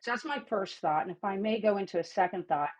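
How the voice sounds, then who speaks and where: A woman speaking as a podcast guest in a casual panel chat, opinionated with lively asides and a slight lisp from teeth whitening strips. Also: mid-range voice, quick pace, low-quality recording.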